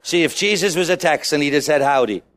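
A man preaching a sermon, urging the congregation to shout back, with a playful manner and little acted-out scenes. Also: fairly high pitch, quick pace. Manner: exhorting, calls on the congregation to shout.

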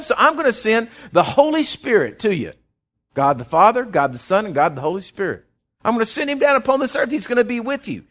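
A man's voice: high-pitched, fairly bright tone. A man preaching a folksy sermon, often repeating words as he goes. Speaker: pastor.

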